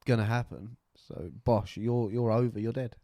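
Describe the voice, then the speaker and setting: A man's voice: medium pitch, fairly even intonation, normal speed, dark tone, no room sound, studio quality. Rambling man chatting on a podcast. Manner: rambling, jokey, swears casually. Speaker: podcast co-host. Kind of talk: casual chat.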